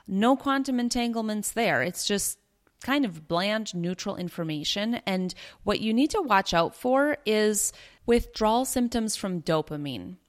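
A woman's voice: mid-range voice, lively intonation, measured pace. A young adult woman hosting a podcast, teaching in an earnest, conversational way and repeating herself for emphasis. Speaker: podcast host. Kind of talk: casual teaching monologue.

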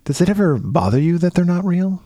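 A man voicing a creepy middle-aged uncle who questions a boy in a soft, prying, overly friendly way, read aloud as a film scene. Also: high-pitched, animated, brisk, no room sound, studio quality, voice pushed up. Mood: coaxing.

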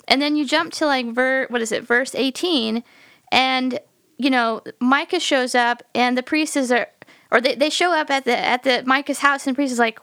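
Woman pastor on a bible podcast, higher voice with lots of vocal fry, lively when she retells the story. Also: normal speed, dry recording.

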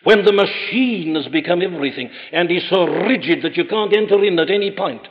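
A man preaching a sermon in an emphatic, rhetorical manner, rising to forceful peaks. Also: sits high, animated, brisk. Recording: dull old recording in a large reverberant hall.

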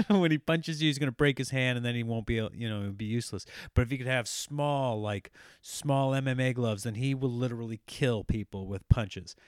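A man hosting a podcast, telling rambling stories in a casual, animated way and laughing often. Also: mid-range voice, moderate pace, clean tone, no echo, clean studio sound. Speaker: podcast host. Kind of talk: casual storytelling monologue.

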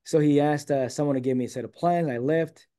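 A man's voice: fairly high pitch, brisk. A man from San Diego, a guest on an interview show, telling a long personal story in a casual way and acting out the quoted lines. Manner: animated, acts out quoted dialogue.

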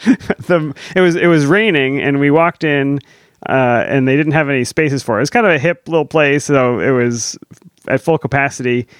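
A podcast co-host chats casually and laughs easily, his medium-pitched voice clear and resonant at a normal speed. The recording is studio quality with no room sound.

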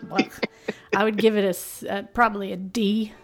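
A woman co-hosting a casual movie-review chat, blunt and sarcastic with animated delivery. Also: medium pitch, normal speed. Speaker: podcast co-host reviewing movies.

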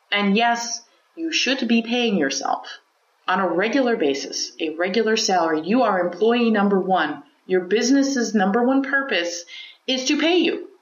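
A woman hosting a solo podcast, explaining her points with animated energy and playful asides. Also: mid-range voice. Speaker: podcast host. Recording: roomy, slightly dull recording.

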